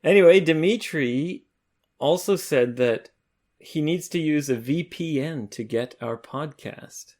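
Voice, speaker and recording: A man's voice: a little high, measured pace, darkish tone. A man co-hosting a teaching podcast, reading listener mail in wry, teasing banter. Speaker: podcast co-host, English teacher.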